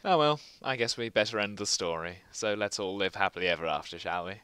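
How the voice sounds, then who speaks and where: A man's voice: on the low side, a little fast, sharp tone, clear, resonant tone, no echo. A man voicing a fussy, flustered middle-aged town mayor, with a stammering manner in a storybook reading.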